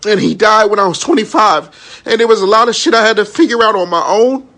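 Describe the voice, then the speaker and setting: High, bright-voiced man speaking frankly. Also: a little fast. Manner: raw, frank and emotional, with profanity and many "you know what I'm saying". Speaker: minister and entrepreneur. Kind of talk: candid live-stream monologue.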